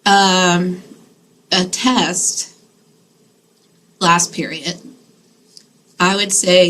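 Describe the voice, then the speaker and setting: A woman's voice: on the low side, fairly even intonation, very slow, pauses often, a bit bright, low-quality recording. A woman teaching a Spanish grammar lesson in a classroom, explaining patiently step by step and checking in with her students.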